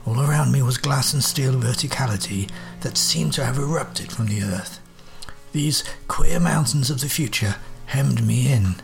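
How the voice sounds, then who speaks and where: A man's voice: medium pitch, moderate pace, creaky, soft background music, lightly acted. A man voicing a cool, sardonic detective who speaks in clipped, precise Victorian diction.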